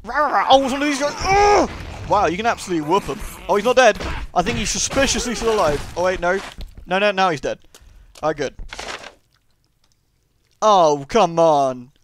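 Excitable, jokey gaming host. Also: male voice, high voice, fast, a little hiss or hum. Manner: jokey, excitable, crude humour. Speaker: let's play host. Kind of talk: casual gameplay commentary.

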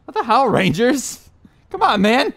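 A young man doing casual, profane commentary while playing a video game, excitable and yelling at the game. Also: very high voice, measured pace, creaky. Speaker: gameplay commentator. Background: game music.

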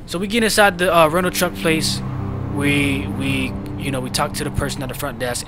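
A young man hosting a casual storytime, talking in slangy, animated bursts that jump loud when excited. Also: mid-range voice, normal speed, very noisy. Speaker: storytime channel host. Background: background music.

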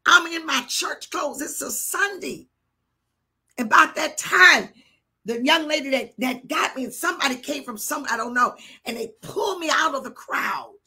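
An older woman bishop delivers a live sermon with a high-sitting voice at a moderate pace. She tells a personal story, her animated delivery swinging between hushed and shouted.

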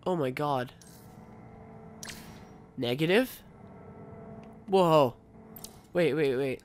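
Excitable young man with a cough. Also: fairly high pitch, extremely slow, a little hiss or hum. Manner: excitable, gushing exclamations. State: coughing after an illness. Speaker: gaming YouTuber. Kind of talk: casual gameplay commentary.

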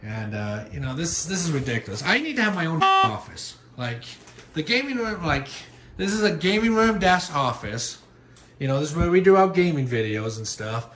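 Exasperated dad rambling at home. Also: male voice, fairly high pitch, animated, moderate pace, a bit bright, slight background noise. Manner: exasperated, rambling with many fillers. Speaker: dad and family channel host. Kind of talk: casual vlog venting to camera. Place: family home, office and basement.

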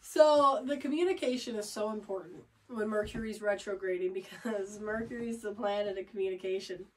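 A woman's voice: medium pitch, normal speed, far from the mic, poor audio. A woman co-hosting a podcast, telling stories in a giggly, chatty way. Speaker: podcast co-host. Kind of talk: casual couple chat.

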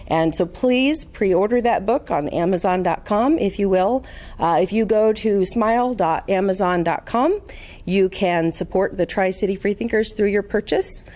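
A woman's voice: mid-range voice, a little mellow. A woman hosting an event, introducing the guest speaker in an informal, chatty way with many fillers. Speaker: event host.

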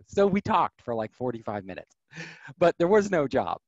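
Middle-aged man, high-energy storyteller, pitch swings wide, dry dull sound. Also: normal speed, no echo. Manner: animated, acts out quoted voices. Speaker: podcast guest. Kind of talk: storytelling interview.

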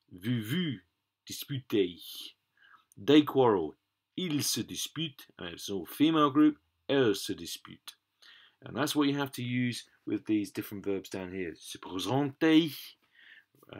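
A man's voice: on the low side, fairly bright tone. Chatty man teaching a language lesson. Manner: chatty, explains with asides and self-corrections. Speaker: French teacher. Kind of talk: talking through a worksheet in a lesson video.

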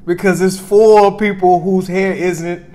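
A woman co-hosting a casual podcast chat, playful and expressive, with slangy banter. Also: lowish voice, takes it slowly. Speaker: podcast co-host.

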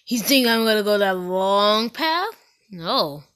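A woman's voice: medium pitch, very animated, a little slow, fairly bright tone. A woman hosting a gaming channel, giving casual gameplay commentary in a playful, giggly way with silly outbursts.

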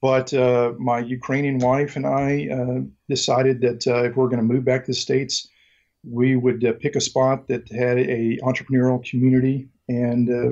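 A man's voice: mid-range voice, a little mellow, lo-fi sound. A middle-aged man from Mississippi with a Southern accent, a guest telling stories in a rambling, joking way with many ums and restarts. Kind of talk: casual interview storytelling.

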